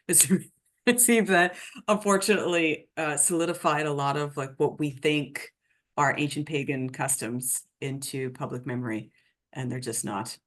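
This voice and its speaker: Giggly chatty woman host. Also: low voice. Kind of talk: casual chat.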